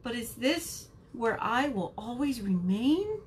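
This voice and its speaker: A tiny, hopeful green pea boy from a picture book, as a woman puts him on, squeaky and wide-eyed. His voice jumps high and swings all over the place. He speaks slowly, with every word stretched out. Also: very animated, slight background noise. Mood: sad. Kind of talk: picture book read-aloud.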